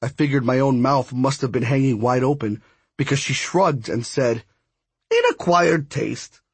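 A man's voice: medium pitch, fairly even intonation, normal speed, breathy edge, no room sound. A man narrating a first-person audiobook in an easygoing, conversational way.

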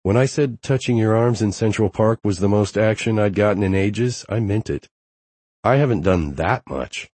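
A man voicing a shy but playful young woman in an audiobook, speaking softly and confidingly. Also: on the low side, moderate pace, no room sound, voice pushed up, close to an everyday voice. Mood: eager confiding. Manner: breathy, soft-spoken confiding. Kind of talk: audiobook dialogue.

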